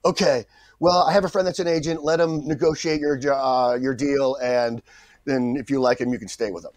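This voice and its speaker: An animated middle-aged man, a guest actor, delivers an anecdote and impersonates the people in it. He talks briskly at a medium pitch, and the recording is dry.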